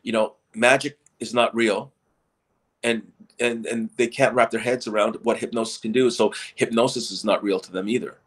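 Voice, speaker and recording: A man's voice: mid-range voice, steady tone, normal speed, fairly bright tone, husky. A middle-aged man, a stage hypnotist, telling stories in a casual interview and often repeating and restarting his words.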